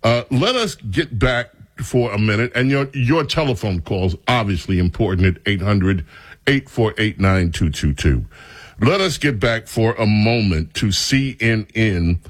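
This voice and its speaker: A man hosting a talk radio show, talking in an animated, sardonic way. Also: lowish voice, measured pace, no room sound.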